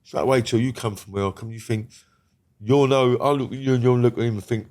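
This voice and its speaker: A British man appears as a guest, recounting his criminal past in a casual, rambling, blunt conversation full of swearing, often checking that the listener follows. He talks fast in a mid-range voice with a darkish tone.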